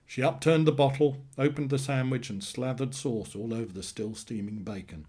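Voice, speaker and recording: A man narrating a short story in a plain, steady storytelling manner. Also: mid-range voice, normal speed, husky. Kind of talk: scripted narration.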